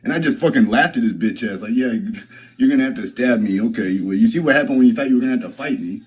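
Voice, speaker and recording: A man's voice: medium pitch, quick pace, a little mellow, rough recording. A young man streaming, telling a story in a rambling, profane way, full of restarts and fillers. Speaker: live streamer.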